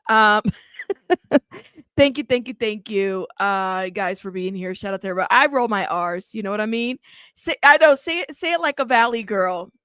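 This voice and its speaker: A woman hosting a true crime channel, talking in a casual, animated and sassy way, bilingual in Spanish. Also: mid-range voice, normal speed, clear, resonant tone, no room sound. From United States. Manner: animated, sassy, frequent laughs. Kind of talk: casual livestream commentary.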